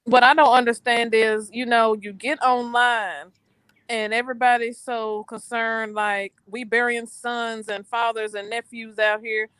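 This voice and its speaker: A woman on a livestream panel, speaking in a measured, explaining way. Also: on the high side, little pitch movement, fairly bright tone, clear, resonant tone, no room sound.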